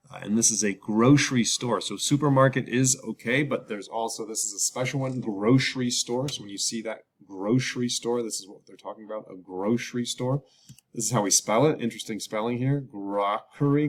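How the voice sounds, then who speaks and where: A man teaching English vocabulary in a casual lesson, slowly repeating each word and explaining its spelling. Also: mid-range voice. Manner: repeats words slowly, drawn-out pronunciation drills. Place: lives in Colombia.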